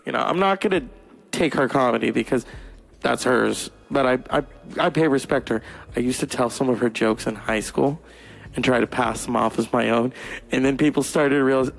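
A young man from California doing crude, profane stand-up storytelling, putting on shrill voices for other people. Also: fairly quick, vocal fry. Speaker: stand-up comedian. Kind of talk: stand-up monologue.

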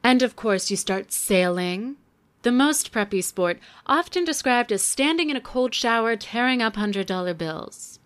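A woman in her twenties reviewing a book in casual commentary, with sarcastic deadpan asides. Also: on the high side, a little slow, clean tone.

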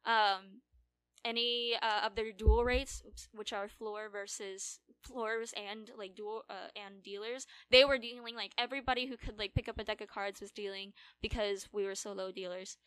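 A woman guest on a podcast telling animated stories in casual chat, full of fillers and acted-out quotes. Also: medium pitch, moderate pace, clean tone, dry recording. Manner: animated storyteller, acts out quoted people, many fillers. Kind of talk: casual storytelling interview.

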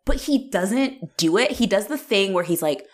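A young adult woman chats casually about a film, swearing freely and laughing often as she acts out lines from scenes in animated voices. Her voice is medium-pitched and her speed normal.

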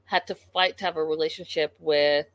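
A woman's voice: deep voice, fairly even intonation, normal speed, dull audio. A woman giving a casual commentary recap of a reality show in an exasperated, incredulous way, talking straight to the people on the show.

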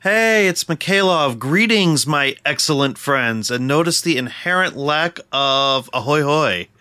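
A man's voice: mid-range voice, animated, unhurried, pushed and bright, no room sound. A man co-hosting a podcast in a laid-back, self-deprecating way, chuckling as he talks. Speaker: podcast co-host. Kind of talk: casual podcast chat.

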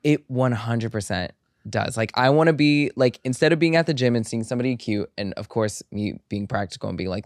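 A man's voice: mid-range voice, expressive, brisk, no echo, clean studio sound. A man hosting a podcast, chatting playfully and drawing out his words. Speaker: podcast host. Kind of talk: casual chat.

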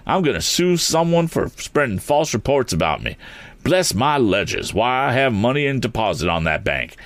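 A man voicing a fussy, excitable older gentleman in a read-aloud story, with raised pitch. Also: normal speed, dry recording. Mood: indignant.

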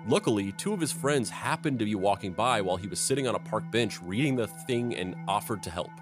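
A man's voice: on the low side, animated, fairly quick, over music. A man hosting a history podcast, narrating events and breaking off into silly riffs. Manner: reads history then riffs with silly tangents. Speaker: host and narrator.

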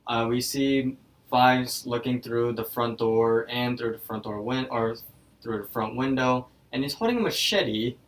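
A man's voice: mid-range voice, a little slow, distant mic, rough recording. A young man co-hosting a podcast, casually retelling a cartoon episode and often restarting his sentences. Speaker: podcast co-host. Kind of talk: casual episode recap chat.

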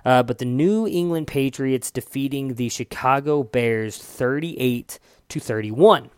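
A man running through fantasy football numbers in a relaxed, off-the-cuff way, dropping the odd curse and catching his own slips. His voice comes across smooth and clean, recorded dry with no room sound. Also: medium pitch, a little slow, dry recording. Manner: loose and chatty, swears, corrects himself. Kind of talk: casual solo recap.

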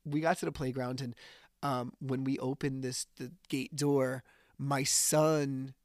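A man's voice: mid-range voice, level tone, unhurried, dry recording, studio quality. A man hosting a podcast, telling personal stories in a chatty, casual way with lots of fillers. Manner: chatty storytelling with many fillers. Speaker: podcast host.

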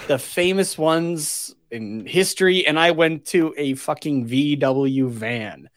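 A man with a slightly high voice co-hosting a podcast in casual chat. He rambles, swears loosely and laughs at his own tangents. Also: slow pace. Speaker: podcast co-host.

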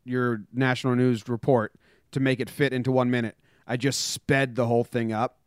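Jokey podcast host guy, smooth voice. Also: medium pitch, flat delivery, normal speed, dry recording, clean studio sound. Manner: jokey, loose and chatty. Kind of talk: casual podcast chat with a sports update.

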